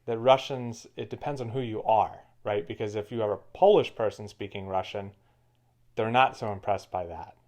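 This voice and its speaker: A man co-hosting a casual chat, giving his views in a steady, explanatory way. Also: lowish voice, normal speed. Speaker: co-host.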